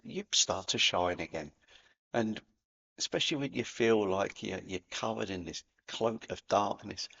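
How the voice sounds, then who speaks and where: A man with a Cockney accent giving an earnest, gently encouraging spiritual talk to camera, in a matey way. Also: on the low side, vocal fry, lo-fi sound. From London, England. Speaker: spiritual video host.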